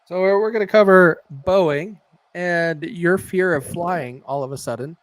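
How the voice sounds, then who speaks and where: A man's voice: high-pitched, a little slow. A man co-hosting a podcast, teasing in casual chat. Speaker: podcast co-host.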